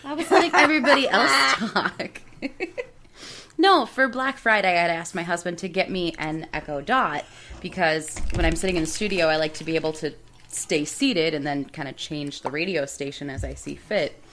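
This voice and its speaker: A woman chatting casually on a podcast, easygoing and quick to laugh. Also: fairly low pitch, fairly bright tone, a little hiss or hum. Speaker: podcast regular.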